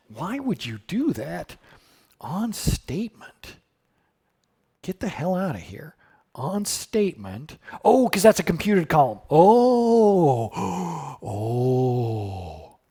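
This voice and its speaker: A man's voice: on the high side, darkish tone, slightly rough. A middle-aged man live coding on a stream, thinking aloud casually with sudden surprised exclamations and answering chat questions.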